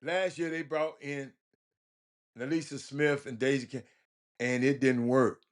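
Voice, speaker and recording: Speaking a little slowly in a mid-range voice, this livestream host carries a Houston, Texas accent. He keeps his sports talk stream casual and animated, laughing often and talking to his chat directly.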